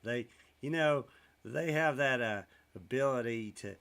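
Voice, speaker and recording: A man's voice: medium pitch, a little slow, fairly bright tone. A man hosting a live stream, chatting casually with viewers in a rambling, self-deprecating way. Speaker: livestream host.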